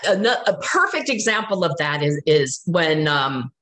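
A woman with a slightly hoarse voice tells stories in an easy, animated way. She sits at a middle pitch, and her speech rings in an echoey room. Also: normal speed. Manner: storytelling, animated, laughs often. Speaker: guest speaker. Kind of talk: casual spiritual talk.

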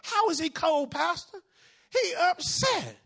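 Male pastor, high bright voice, call-and-response preaching. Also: lively intonation, slow, creaky. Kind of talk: sermon.

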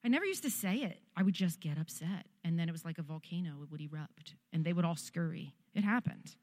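A woman's voice: lowish voice, expressive, fast talker, a little mellow, no echo, clean studio sound. A middle-aged woman pastor, giving a conversational, encouraging sermon straight to her congregation.

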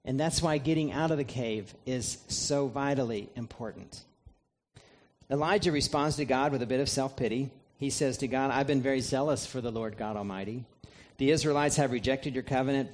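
A man, a pastor, preaching a sermon in an earnest, measured way, reading scripture aloud. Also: medium pitch, darkish tone, slight background noise.

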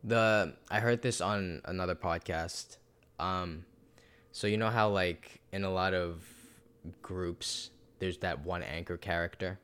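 A man co-hosting a podcast, rambling and animated in casual chat, swearing now and then. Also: sits low, takes it slowly, clean tone. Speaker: podcast co-host.

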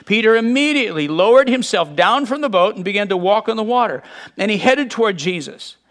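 Preaching a sermon, a man with a fairly high voice speaks briskly and conversationally to the congregation. He acts out the voices of people in the story with lively, animated bursts.

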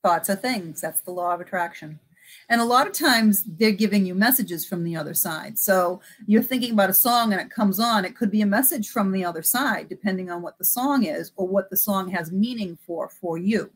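A middle-aged woman, a psychic medium, chatting in an interview and acting out both sides of remembered conversations with lively energy. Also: medium pitch, moderate pace, breathy edge. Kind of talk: casual interview storytelling.

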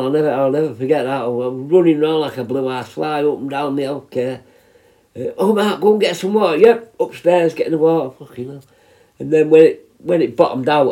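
A man's voice: mid-range voice, creaky, dark tone. A man in his fifties, a prison healthcare worker, tells stories in a rambling, sweary, casual way. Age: 50s. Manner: rambling and sweary, with many restarts. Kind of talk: casual storytelling.

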